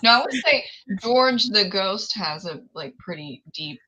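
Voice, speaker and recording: Bright-toned woman chatting on a livestream. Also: mid-range voice, lively intonation, a little slow, low-quality recording. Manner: chatty, scattered, laughs often. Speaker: author hosting a book launch livestream. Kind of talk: casual livestream chat.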